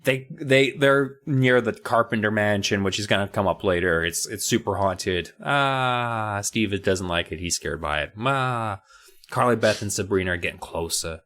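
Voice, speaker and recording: A man's voice: fairly low pitch, normal speed, a bit bright. A man co-hosting a podcast, casually recapping a book with swearing and silly voices. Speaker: podcast co-host.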